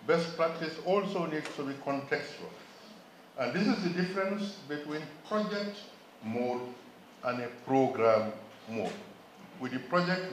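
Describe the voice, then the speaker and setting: A man's voice: medium pitch, slight background noise. A man from Gambia giving an emphatic public health lecture at a symposium, putting questions to the audience. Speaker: symposium speaker. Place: conference hall. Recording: very echoey hall.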